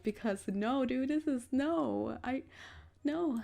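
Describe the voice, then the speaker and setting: Emotional woman doing let's play commentary, gushing reactions, slight vocal fry. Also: high-pitched, slow pace, mellow.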